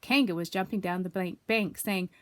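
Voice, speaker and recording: A woman reading a children's story aloud, expressive, with asides to young listeners. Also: mid-range voice, moderate pace, no echo. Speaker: storybook reader.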